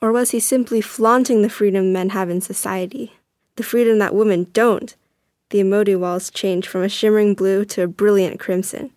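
A young woman reading a first-person story aloud as narrator, earnest and steady. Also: mid-range voice, moderate pace, no echo.

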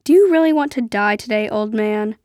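A woman voicing a fierce young female thief warrior who growls threats, higher and louder than her narration. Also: no echo, clean studio sound, close to an everyday voice. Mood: menacing. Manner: growling threats, brisk and impatient.

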